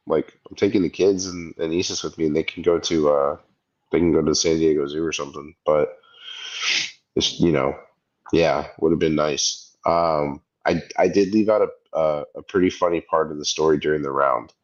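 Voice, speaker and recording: An extremely low-pitched man in his thirties tells a story at a moderate pace while co-hosting a podcast. He brings the characters to life by acting out their quoted voices in casual chat, and the audio has its highs cut off.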